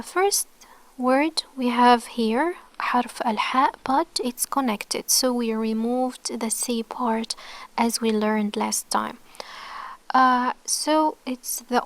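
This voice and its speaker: A woman with an Egyptian accent teaches Arabic letters patiently, using many fillers and often dropping to a soft whisper. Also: a little high, dry recording. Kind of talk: online alphabet lesson.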